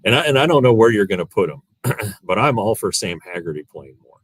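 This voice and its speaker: A middle-aged man with a very deep voice gives casual sports analysis. He rambles, circling back with fillers and false starts. The sound is dry and close. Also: animated, fairly quick, breathy edge, no room sound. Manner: rambling, many fillers and restarts. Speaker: guest analyst. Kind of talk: casual sports podcast chat.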